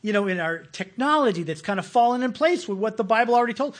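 A man preaching a sermon, folksy and animated, with repeated words and frequent chuckles. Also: sits high, quick pace, hardly any pauses.

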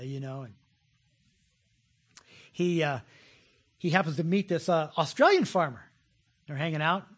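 A middle-aged man preaching a sermon as pastor, folksy and animated, telling jokes and acting out voices. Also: fairly high pitch, husky.

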